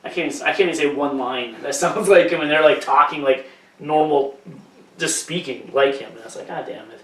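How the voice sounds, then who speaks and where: A man's voice: on the high side, a little fast, fairly bright tone. Rambling, swearing man, roomy sound. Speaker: podcast co-host. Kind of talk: casual chat. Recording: echoey room, mic from a distance.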